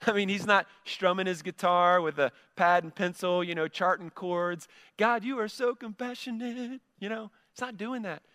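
A man's voice: high voice, moderate pace, hardly any pauses, smooth, no room sound, studio quality, big-room sound. A man preaching a sermon, reading scripture and then explaining it, acting out an angry voice in quoted lines. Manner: animated, acts out Jonah's angry voice. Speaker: pastor.

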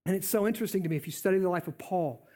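A man preaching a sermon in an animated, conversational way. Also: high voice, rapid-fire.

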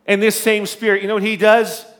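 Pastor, male, high-pitched, loud and animated, preaching through a story. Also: brisk. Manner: loud speaking voice. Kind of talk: sermon.

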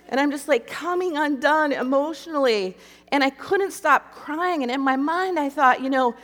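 High-voiced woman telling an emotional story. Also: normal speed, fairly bright tone. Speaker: speaker sharing a personal story. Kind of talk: animated personal testimony to an audience. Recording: echoey hall reverb.

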